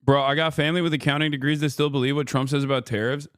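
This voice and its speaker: Exasperated, profane, high-voiced male streamer. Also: steady tone, racing, fairly bright tone, clean tone, no room sound, clean studio sound. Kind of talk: ranting political commentary.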